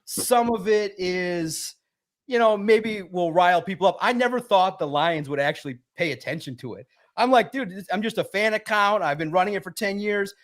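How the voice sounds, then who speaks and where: Guy with a pretty high voice, super high energy, just chatting and spinning a story on a sports podcast. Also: normal speed. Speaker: podcast guest, sports publisher. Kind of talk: casual storytelling chat.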